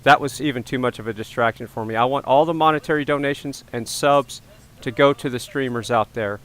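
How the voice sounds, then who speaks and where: A man's voice: medium pitch, fairly quick, fairly bright tone. Man hosting a joking livestream. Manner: joking, self-mocking about his ego. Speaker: livestream host. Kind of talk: casual livestream chat.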